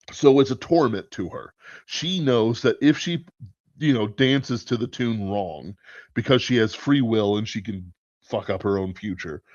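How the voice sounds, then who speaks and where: Thinking aloud in a rambling, casual way, the man hosting this podcast swears now and then. His lowish voice is a little mellow, and the dull, lo-fi recording is dry with no echo.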